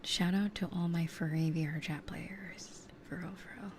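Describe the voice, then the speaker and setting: Whispering softly right against a close binaural ASMR mic, a young woman streamer chats casually at a moderate pace with fairly even intonation. Her voice is a little low for a woman, and she drifts loosely between thoughts with plenty of fillers over a faint hiss.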